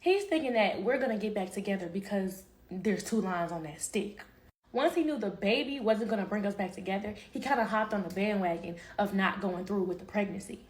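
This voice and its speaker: A young woman telling a personal story in casual vlog style, animated and acting out what people said. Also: mid-range voice. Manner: animated, acts out quotes, laughs. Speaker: vlogger.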